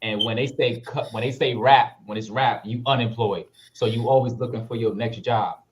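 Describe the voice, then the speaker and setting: A man, a guest actor telling stories in a casual interview, relaxed and full of fillers. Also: mid-range voice, moderate pace, slight background noise, poor audio. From Harlem, New York. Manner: laid-back, full of fillers, lively when retelling.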